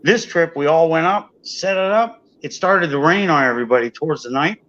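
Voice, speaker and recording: A man with a fairly high voice tells a story as a guest, pausing and searching for words and leaning on "you know". The recording is dull and lo-fi. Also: fairly bright tone. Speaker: interview guest. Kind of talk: casual storytelling. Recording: dull lo-fi audio.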